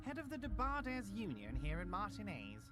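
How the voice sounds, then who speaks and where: A nasal, oily union boss. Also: male voice, sits high, wildly swooping pitch, normal speed, pushed and bright, faint music behind, full character voice. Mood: smug. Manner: smooth, unctuous, overly polite. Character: smug portly male union boss, oily and ingratiating. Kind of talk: video game voice acting.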